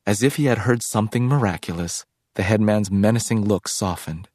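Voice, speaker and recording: Audiobook: deep-voiced man narrating in a measured, reflective way, dry close sound. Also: a little mellow, no room sound.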